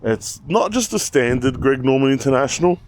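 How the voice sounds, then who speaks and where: Aussie guy rambling about his cars, casual vlog chat, gets animated telling stories. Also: medium pitch, a little fast, slight background noise. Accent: Australian. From Australia. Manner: chatty and rambling, animated storytelling. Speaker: channel host. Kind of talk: casual car walkaround vlog.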